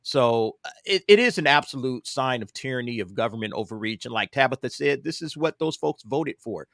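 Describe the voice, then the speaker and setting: A man's voice: mid-range voice, expressive, a little fast, gravelly, a bit bright, no echo, studio quality. A man speaking emphatically in a casual political panel discussion, with many fillers and restarts. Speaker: panel guest.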